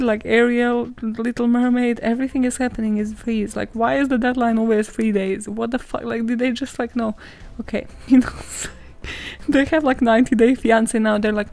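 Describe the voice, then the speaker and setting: A woman's voice: fairly high pitch, darkish tone. A young woman hosting a podcast, retelling a fairy tale in casual, sarcastic commentary full of laughs, swearing and filler words. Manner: sarcastic, laughing often, heavy swearing, lots of "like". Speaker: podcast host. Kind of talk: casual comedic storytelling commentary.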